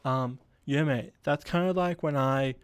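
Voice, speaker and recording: A man's voice: medium pitch, unhurried, clear, resonant tone. A man hosting a casual solo podcast, rambling, giggling and running himself down. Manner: rambling, giggly and self-deprecating.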